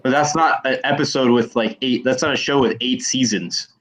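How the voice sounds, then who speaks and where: A man's voice: medium pitch, steady tone, normal speed, a bit bright. A young man hosting a casual livestream hangout, rambling through stories with lots of fillers. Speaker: stream host. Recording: dull lo-fi stream audio.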